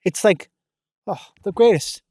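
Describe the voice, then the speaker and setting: A man's voice: sits high, a little slow, a little mellow, slightly rough, dry recording, clean studio sound. A man guest on a comedy food podcast, chatting casually and playfully, riffing and repeating jokes.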